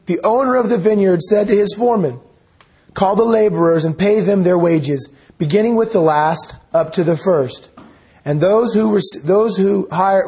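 A man preaching a sermon, reading scripture aloud and explaining it in an earnest, measured teaching manner. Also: high-pitched, dark tone, slightly rough.

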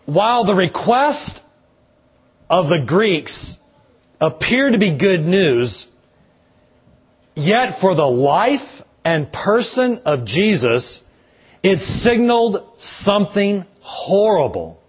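A man, a pastor, delivering a slow, measured sermon with dramatic pauses and a husky voice. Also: high-pitched, sing-song.

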